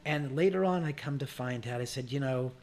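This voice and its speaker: A man's voice: fairly high pitch, brisk, a little mellow. A man telling a casual, profane anecdote with lots of animation. He restarts and repeats himself often. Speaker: storyteller.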